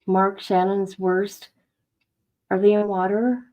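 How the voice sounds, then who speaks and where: A woman's voice: mid-range voice, level tone, slow, mellow, poor audio. A woman hosting a casual livestream, dramatic and exclamatory, talking to herself and her chat. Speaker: livestream host. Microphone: no headphones, device mic.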